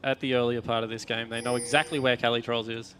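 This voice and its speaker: A man with an Australian accent, commentating a video game match on a headset and calmly explaining the mechanics in detail. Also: mid-range voice, fast, slight background noise. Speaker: esports caster. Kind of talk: play-by-play commentary.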